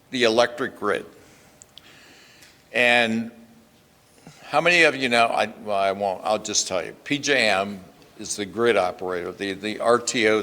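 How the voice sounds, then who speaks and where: An older man speaks from a podium in a low, grounded voice. He is plainspoken and emphatic, stopping to restart his sentences, while the long reverb of a hotel event hall trails behind each phrase. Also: bright, forceful tone. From Pennsylvania. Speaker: state senator giving a speech. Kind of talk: speech at a press club luncheon.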